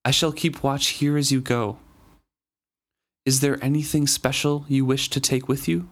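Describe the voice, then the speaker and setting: A man reading the first-person lines of a loyal young assassin, speaking softly and gently. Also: mid-range voice, fairly even intonation, normal speed, pitched above the performer's own voice, close to an everyday voice. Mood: gentle. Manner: soft, gentle delivery.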